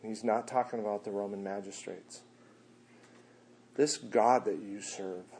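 A man preaching a sermon in a loose, slangy way, swinging between quiet asides and loud, animated bursts. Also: lowish voice, unhurried, a little hiss or hum.

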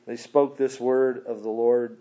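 A man preaching a sermon in a loose, slangy way, swinging between quiet asides and loud, animated bursts. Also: mid-range voice, a little slow.

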